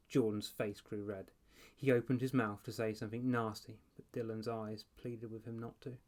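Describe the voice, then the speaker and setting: A man's voice: on the low side, level tone, normal speed, darkish tone. A man in his thirties reading a children's horror story aloud. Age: 30s. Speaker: audiobook reader. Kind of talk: storybook narration.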